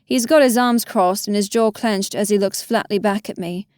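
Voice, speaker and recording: A woman's voice: medium pitch, normal speed, few pauses, a little mellow, clear, resonant tone, no room sound. Woman audiobook narrator, wry first-person read, dry close-mic booth sound. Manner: wry, self-deprecating inner voice.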